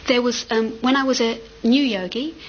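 Gentle, reflective woman meditation teacher. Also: fairly high pitch, slight background noise. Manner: gentle, reflective, with unhurried pauses. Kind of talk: dharma talk. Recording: slightly muffled with faint ambience.

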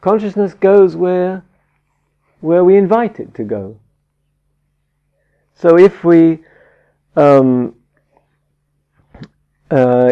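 A man teaching a Buddhist dharma talk, halting and searching for words with frequent restarts, on a dull lo-fi recording. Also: a little high, creaky. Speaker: meditation teacher.

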